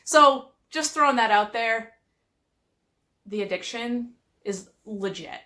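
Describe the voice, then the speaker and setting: Chatty woman with a high voice. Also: lively intonation, slow pace, bright, forceful tone. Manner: chatty, exasperated, lots of "like". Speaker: vlogger. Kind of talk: casual storytelling to camera.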